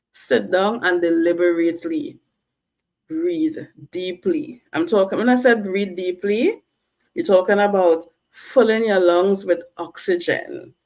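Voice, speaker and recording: A woman vlogger with a medium-pitched, darkish voice speaks personally and directly to her viewers. She takes a slow, earnest, coaching approach, regularly asking "right?" and "all right?" to make sure they're following.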